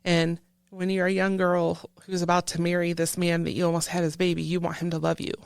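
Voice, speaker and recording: A woman who is a military veteran, telling a painful personal story in an interview in halting speech full of restarts. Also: lowish voice, level tone, vocal fry, smooth, dry recording. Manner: halting, with many restarts, recounting a painful memory. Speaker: veteran guest.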